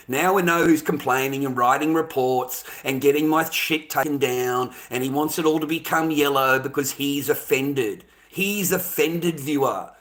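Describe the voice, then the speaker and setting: A man's voice: medium pitch, a bit bright. A man, a streamer, angrily ranting and taunting a viewer with heavy swearing. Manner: aggressive, taunting, profane. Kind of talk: angry rant at a viewer.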